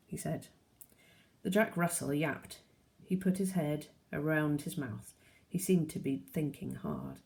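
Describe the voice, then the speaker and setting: Woman teacher reading a chapter aloud, dark low voice, plain steady telling. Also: measured pace, gravelly.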